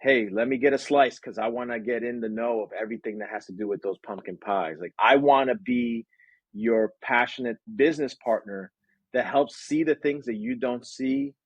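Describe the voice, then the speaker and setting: A man answering interview questions about his business, energetic and lively, acting out quotes and sound effects. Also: medium pitch, normal speed, husky, dry recording, dull audio. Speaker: branding agency owner.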